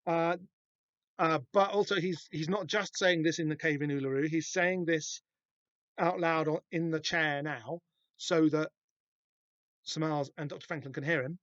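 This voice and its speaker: A man's voice: on the high side, fairly even intonation, normal speed, a bit bright, no echo, dull audio. Wry, rambling man. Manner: rambling, wry, self-interrupting. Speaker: podcast host. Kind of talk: casual comic book commentary.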